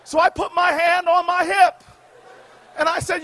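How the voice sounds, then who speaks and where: A man in his forties giving a humorous commencement speech, shouting his punchlines with a preacher-like call and response. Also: extremely high pitch, flat delivery, a little slow, pauses often. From United States. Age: 40s. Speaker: commencement speaker. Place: outdoor graduation ceremony stage.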